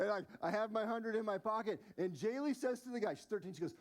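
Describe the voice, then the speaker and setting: A man in his forties preaches with a high, lively voice. He tells self-mocking stories with animated energy, in a relaxed sermon style. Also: fast talker, hardly any pauses. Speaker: lead pastor.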